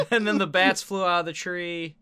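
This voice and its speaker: A man co-hosting a casual podcast, laughing often and swearing in excited chat. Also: sits high. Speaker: podcast co-host.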